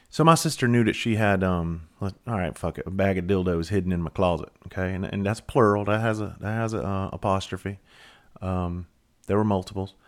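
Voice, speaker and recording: A middle-aged man with a fairly low voice spins a casual yarn for his podcast listeners. He rambles, curses freely and pokes fun at himself as he talks. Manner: loose, profane, rambling and self-mocking. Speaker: podcast host. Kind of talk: casual storytelling.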